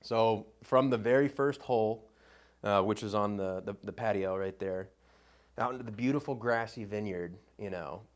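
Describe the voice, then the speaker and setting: A man on a podcast telling a story in a rambling casual way, getting animated when he quotes himself. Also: on the low side, normal speed.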